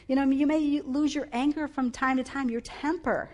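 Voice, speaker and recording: A woman preaching a sermon on a clip-on mic, animated and emphatic, with sudden loud bursts. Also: sits high, normal speed, few pauses.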